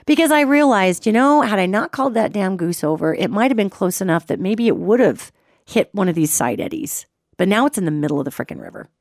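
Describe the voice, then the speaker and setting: A middle-aged woman hosting a radio show, telling a personal story in an expressive way and imitating sounds as she goes. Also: on the low side, vocal fry, dry recording, clean studio sound.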